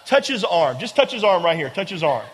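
Before a congregation in a big room with long hall reverb, a pastor preaches in a high, sing-song voice that runs a little fast and carries a breathy edge. Emphatic and repetitive, he poses rhetorical questions and speaks straight to his listeners.

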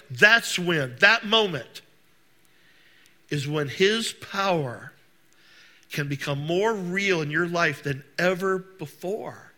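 A man preaching a sermon to a congregation, talking conversationally, asking the room questions and acting out scenes with sudden shouts. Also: high voice, animated, slow. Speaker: pastor. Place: church service.

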